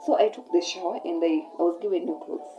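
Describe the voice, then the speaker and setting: Young Kenyan woman, mellow code-switching storyteller. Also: on the low side, fast, muffled recording, faint music behind. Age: young adult. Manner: animated, switches between English and Swahili mid-sentence. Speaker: vlogger. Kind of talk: casual storytelling.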